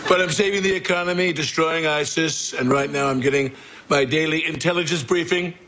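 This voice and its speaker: A man's voice: fairly high pitch, brisk, noisy background, lightly acted. An actor playing a boastful, self-satisfied male president in a comedy sketch, with a puffed-up bragging delivery.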